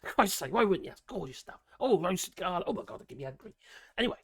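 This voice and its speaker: A British man with a raspy voice giving casual, sarcastic commentary, exasperated and swearing freely. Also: sits high, big pitch swings, fast, no echo. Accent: British English. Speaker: political commentator.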